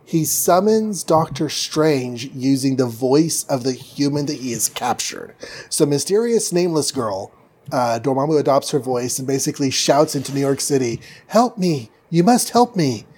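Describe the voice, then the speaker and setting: A man co-hosting a podcast, breezily recapping a comic and slipping into quick mock voices for the characters. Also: mid-range voice, animated, darkish tone, husky. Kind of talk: casual chat.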